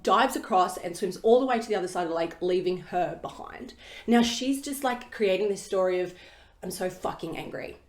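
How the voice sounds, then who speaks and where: A woman hosting a solo podcast, talking bluntly and emphatically and swearing casually. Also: medium pitch. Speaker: podcast host. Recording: roomy echo.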